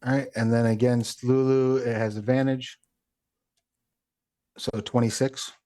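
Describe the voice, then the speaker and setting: A man running a tabletop game as game master, pausing often with fillers while he works out damage rolls. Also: mid-range voice, flat delivery, dark tone. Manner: halting, with many fillers while tallying damage.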